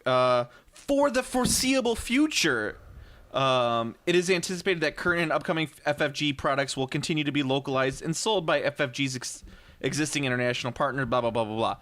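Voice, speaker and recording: A man's voice: mid-range voice, animated, brisk, a bit bright. A man hosting a tabletop gaming podcast, rambling and cussing in casual banter. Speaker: podcast host.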